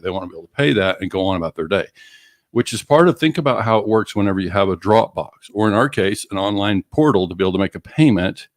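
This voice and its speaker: Low-voiced man coaching in casual talk. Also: animated, very fast, dry recording, studio quality. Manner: explains with examples, acts out customer dialogue. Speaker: co-host, auto finance coach. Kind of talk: casual conversational podcast.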